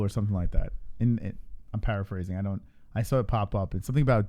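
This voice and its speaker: Brief: young male co-host, loose and profane, quick to laugh, squeaks into high voices when quoting himself. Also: a little mellow. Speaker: livestream co-host. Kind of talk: casual livestream chat.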